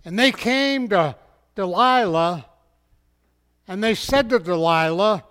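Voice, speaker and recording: Slow high-voiced preacher in a hall. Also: male voice, lively intonation, fairly bright tone, clean tone. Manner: folksy, addresses the audience directly. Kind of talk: storytelling sermon. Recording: long hall reverb.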